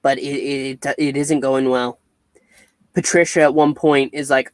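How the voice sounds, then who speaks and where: A man co-hosting a casual comic review chat, recapping the plot in a measured way and correcting details. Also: medium pitch, fairly even intonation, no echo.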